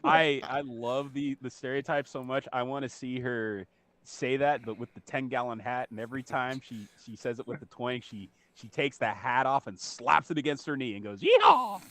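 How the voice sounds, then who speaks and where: Bright-voiced teasing man. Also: mid-range voice, steady tone, normal speed. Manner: teasing, riffing jokes. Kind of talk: casual podcast chat.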